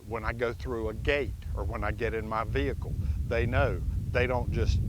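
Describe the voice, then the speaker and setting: A man's voice: lowish voice, darkish tone, low-quality recording. Guy talking dog training outside on his property, laid back and folksy, bossing the dogs around now and then, bit of hiss. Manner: folksy, talks to his dogs mid-explanation, firm commands. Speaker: dog trainer and channel host. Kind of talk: casual outdoor training vlog. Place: outdoors on a rural property with dogs.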